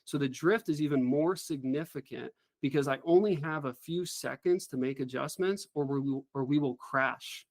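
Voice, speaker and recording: A man's voice: on the high side, normal speed, hardly any pauses, no room sound. Earnest man telling a story, dry sound. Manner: earnest, animated storytelling with acted quotes. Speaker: guest, former helicopter pilot. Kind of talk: interview storytelling.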